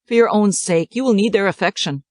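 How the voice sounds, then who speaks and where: A woman reading the part of a kindly older male school director who counsels and teases gently. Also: medium pitch, fairly quick, dry recording, clean studio sound, voice pushed up, lightly acted. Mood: gentle. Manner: gentle, counseling, lightly teasing.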